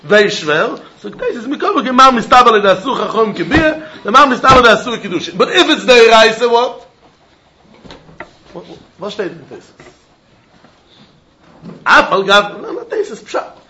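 A man giving a Talmud lesson in a lively, questioning way, mixing Yiddish terms into his English. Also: high voice, normal speed, long pauses. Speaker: Talmud teacher. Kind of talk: yeshiva-style Talmud lesson. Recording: dull echoey room with faint noise.

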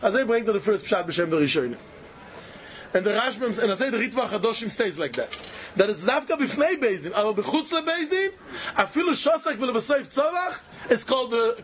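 A man with a Yiddish-inflected English accent lectures on Talmud in a sing-song study chant. His voice sits very high and swings widely as he fires off rhetorical questions. Faint noise runs underneath. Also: animated, brisk, fairly bright tone. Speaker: Talmud teacher.

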